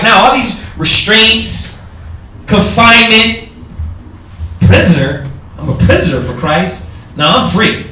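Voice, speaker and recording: A man teaching scripture to a small group, switching into higher mocking voices to act out worldly talk. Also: a little hiss or hum. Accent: Southern US. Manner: animated, mocks worldly voices in a higher pitch. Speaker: teacher of a religious study group. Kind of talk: street-style scripture teaching. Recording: echoey room, mic at a distance.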